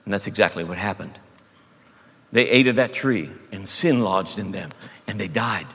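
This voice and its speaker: A man preaching a sermon, emphatic, moving between loud bursts and hushed asides. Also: on the low side, moderate pace, slightly rough. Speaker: pastor. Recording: long hall reverb.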